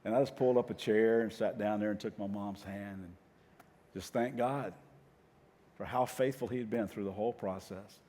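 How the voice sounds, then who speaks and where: A middle-aged man preaching as a teaching pastor. He tells stories softly and earnestly, restarting phrases, and rises to loud rallying calls. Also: on the low side, steady tone, normal speed. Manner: soft-spoken storytelling that swells into loud rallying calls. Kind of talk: sermon. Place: church auditorium. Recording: long reverb of a large hall.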